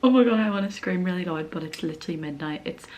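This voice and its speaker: A woman in her twenties, a student chatting casually to camera in an excitable vlog. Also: on the low side, quick pace, slight background noise. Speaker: university student vlogger.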